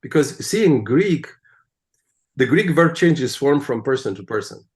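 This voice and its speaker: A man being interviewed, explaining at length in an animated, emphatic way and often checking in with "right?". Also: medium pitch, unhurried. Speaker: guest, translator of the Psalms. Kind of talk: conversational interview.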